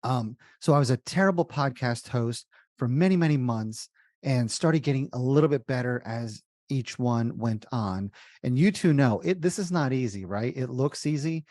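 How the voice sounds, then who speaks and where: A man speaking at an ordinary, middle pitch as a guest on an interview podcast. He talks casually and tells lively stories, acting out each exchange. The recording is dry and close, with no room sound. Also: moderate pace, no room sound. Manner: lively storyteller who acts out dialogue. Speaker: guest, real estate investor.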